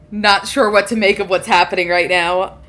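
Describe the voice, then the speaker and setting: A woman's voice: mid-range voice, fairly bright tone. A woman narrating as game master of a tabletop game, giggly and rambling with many fillers.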